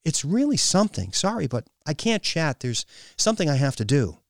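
A man voicing a flustered, earnest young woman in an audiobook, his voice lifted higher, talking in a hurried rush. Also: very animated, no echo, studio quality.

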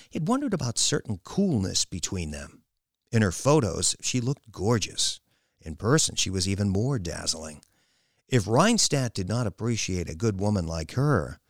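Expressive low-voiced male narrator. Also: no echo, studio quality. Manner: expressive, lingering storytelling. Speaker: audiobook narrator. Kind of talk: scripted narration.

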